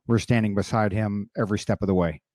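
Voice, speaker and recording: A man co-hosting a podcast, speaking in a measured way as he reads out tweets and adds hedging asides. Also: lowish voice, steady tone, a little mellow, dry recording, studio quality. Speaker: podcast co-host. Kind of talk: casual political podcast talk.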